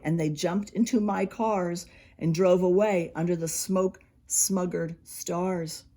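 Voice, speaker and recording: A preschool teacher reading a picture book aloud to young children, expressive and stopping to explain. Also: female voice, lowish voice.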